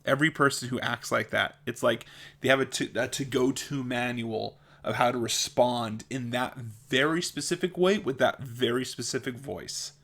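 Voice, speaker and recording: A man's voice: mid-range voice, moderate pace, vocal fry, a bit bright. A young adult man with a mild speech impediment, vlogging in a blunt, exasperated way and laughing between points. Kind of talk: casual opinion vlog.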